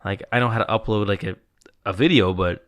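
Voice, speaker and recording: A man's voice: lowish voice, brisk, fairly bright tone. A man hosting a casual podcast, telling stories in a loose, chuckling way with a New Jersey accent. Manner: laid-back, chuckling, loose storytelling. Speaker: podcast host. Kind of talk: casual chat.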